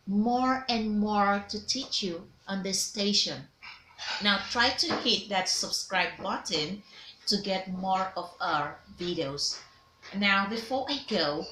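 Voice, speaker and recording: A woman's voice: mid-range voice, sharp tone, echoey room, slight background noise. A woman teaching letter sounds as a diction teacher, drilling each sound and prompting the viewer to repeat it. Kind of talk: phonics lesson to camera.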